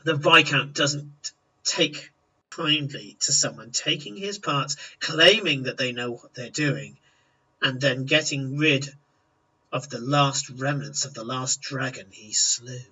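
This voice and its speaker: A man's voice: medium pitch, takes it slowly, pushed and bright, slightly rough, recorded from a distance, muffled recording, heavily acted. A man voicing a menacing male half-orc debt enforcer who taunts and threatens.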